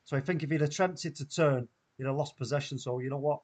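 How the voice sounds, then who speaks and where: Excitable Mancunian man hosting a watchalong. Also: fairly high pitch, fast talker. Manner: excitable, reacts loudly to play. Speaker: watchalong host. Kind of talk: live football watchalong commentary.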